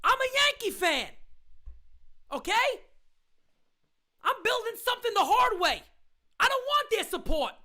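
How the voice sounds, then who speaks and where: A woman hosting a fan live stream, ranting in a fiery, profane way, often shouting and repeating lines for emphasis. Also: very high-pitched, big pitch swings, measured pace, long pauses. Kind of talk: heated live-stream rant.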